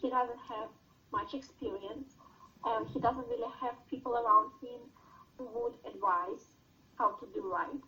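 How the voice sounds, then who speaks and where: A woman's voice: a little high, unhurried, highs cut off. Woman student answering in class with hesitations. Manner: hesitant, searching for words.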